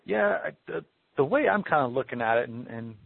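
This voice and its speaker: A man's voice: medium pitch, animated, brisk, vocal fry, slightly rough, no room sound. Hesitant man on a dry phone line. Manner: hesitant, repeats words while thinking aloud. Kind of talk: interview conversation.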